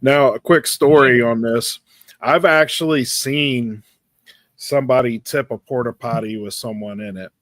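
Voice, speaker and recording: A man's voice: medium pitch, unhurried, fairly bright tone, no echo. A man co-hosting a podcast, telling a long, rambling, crude anecdote in casual chat. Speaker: podcast co-host.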